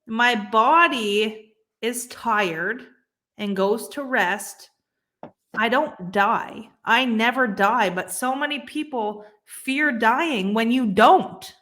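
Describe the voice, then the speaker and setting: This is a young woman co-hosting a casual podcast chat. Her voice sits a little high, and she talks earnestly, with loose swearing and frequent restarts. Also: slow, fairly bright tone. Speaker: podcast co-host.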